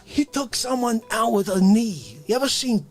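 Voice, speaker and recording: A man voicing a loud, bossy older man character who rambles manically and yells demands. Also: extremely high pitch, lively intonation, normal speed, soft background music, voice pushed up. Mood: rambling.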